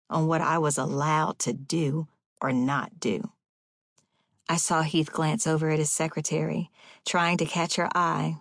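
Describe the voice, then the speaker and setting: A woman in her forties reading her own memoir as a first-person audiobook, in a measured, deliberate way. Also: sits low, gravelly, no room sound, clean studio sound. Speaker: audiobook narrator.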